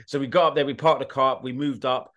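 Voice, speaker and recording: British man, podcast guest, blunt and animated storyteller with a mid-pitched voice. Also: quick pace, highs cut off. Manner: animated, blunt, swears, often asks "do you know what I mean". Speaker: guest, war documentary filmmaker. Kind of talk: casual interview storytelling.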